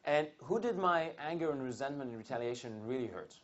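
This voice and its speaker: A man giving a motivational seminar talk to a live audience, telling a personal story with animated delivery and questions to the room. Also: medium pitch, brisk, muffled recording. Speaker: seminar speaker.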